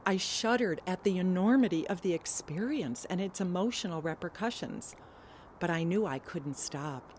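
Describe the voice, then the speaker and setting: A woman's voice: lowish voice, expressive, normal speed, a little mellow, a little hiss or hum. A woman telling a personal story on stage in an earnest, emotional way.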